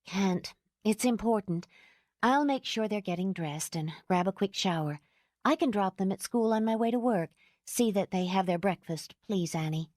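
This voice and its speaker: A woman's voice: medium pitch, normal speed, darkish tone, no room sound, clean studio sound, natural voice. A woman reading an audiobook, voicing a tired, kind young mother who speaks reasonably. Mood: weary.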